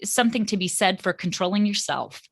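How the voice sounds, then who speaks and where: A middle-aged woman co-hosting a podcast about parenting, talking in a calm, reflective way with frequent ums. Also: mid-range voice, fairly quick, no echo, studio quality. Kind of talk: casual podcast conversation.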